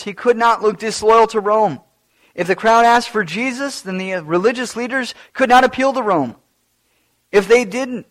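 A man preaching with a high-pitched voice. He builds his delivery dramatically, swelling to loud emphasis and then sinking low. It is a sermon from the pulpit, earnest and theatrical.

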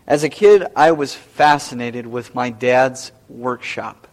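A man's voice: mid-range voice, measured pace. A man preaching a sermon as pastor, emphatic and repeating key phrases.

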